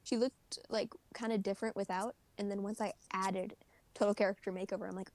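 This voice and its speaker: A woman telling a story on a livestream, animated and often laughing, acting out what people said. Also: mid-range voice, a little fast, no echo. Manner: animated, laughing, acts out quoted voices. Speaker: streamer.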